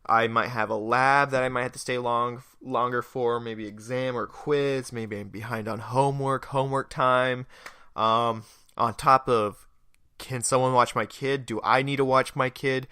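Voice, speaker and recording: Bright-voiced young guy rambling on a podcast. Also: medium pitch, steady tone, a little slow, clean tone, dry recording, studio quality. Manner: rambling, self-deprecating, joking. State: stuffy nose. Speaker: podcast host. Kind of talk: casual solo podcast monologue.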